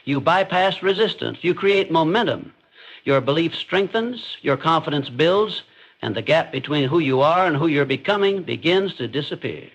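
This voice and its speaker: A man delivers scripted motivational narration, each line landing with firm emphasis. His voice sits a little on the high side. The tone stays intense and declarative throughout. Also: expressive, moderate pace, fairly bright tone, muffled recording.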